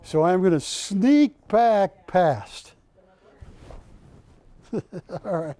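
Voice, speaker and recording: A man's voice: sits high, lively intonation, extremely slow, dark tone. An older man hosting a live shopping show, joking with staff and urging callers on. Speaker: shopping channel host. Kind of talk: live TV sales pitch. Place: TV studio.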